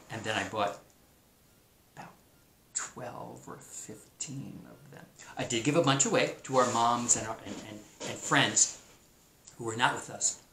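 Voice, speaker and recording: A man teaching a remote class, talking in a chatty, enthusiastic way and drawing out words for emphasis. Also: mid-range voice. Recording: roomy echo, faint noise.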